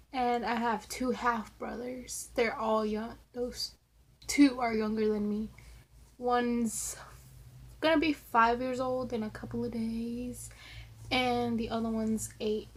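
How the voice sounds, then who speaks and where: Young woman vlogging a q&a, rambly, says like a lot, bit high voice, swears here and there. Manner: chatty, rambling, lots of "like"; swears casually. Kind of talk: casual Q&A storytelling.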